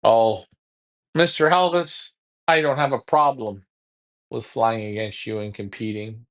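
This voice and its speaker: A man's voice: medium pitch, measured pace. Trash-talking man hosting. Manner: taunting, repetitive trash talk. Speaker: pigeon racing show host. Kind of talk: casual livestream talk.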